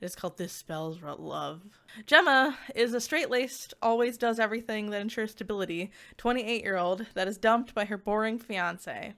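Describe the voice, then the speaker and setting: A woman's voice: mid-range voice, normal speed, fairly bright tone. A woman giving a casual book review vlog, chatty and giggly, with lots of filler words.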